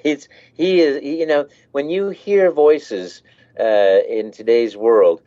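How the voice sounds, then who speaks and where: A man's voice: mid-range voice, steady tone, slow, dark tone, lo-fi sound. A man who works as a voice actor, talking casually in an interview and laughing as he demonstrates voices.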